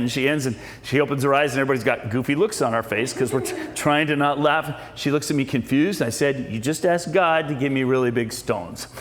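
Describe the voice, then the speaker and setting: In a reverberant hall, a man tells stories to a political meeting in a folksy, preacher-like way, frequently starting over. His voice runs high with a fairly bright tone, and a little hiss or hum can be heard.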